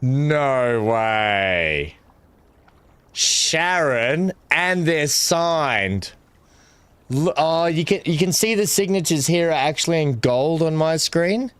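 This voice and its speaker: A man's voice: on the high side, animated, takes it slowly, a bit bright, no room sound. A man chatting casually while unboxing gifts, muttering asides and talking to his dog. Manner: muttering asides, frequent throat clearing. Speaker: gaming video creator.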